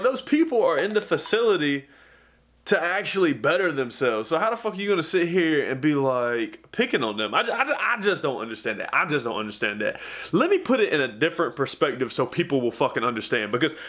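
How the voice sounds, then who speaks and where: A man with a slightly raised voice vents to his camera like a fitness vlogger. He talks fast and loose, swears freely and drops "bruh" between sentences. He acts out the other people in his story with an animated voice. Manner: profane, heated storytelling peppered with "bruh"; acts out others' lines in a higher, lively voice. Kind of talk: casual rant to camera.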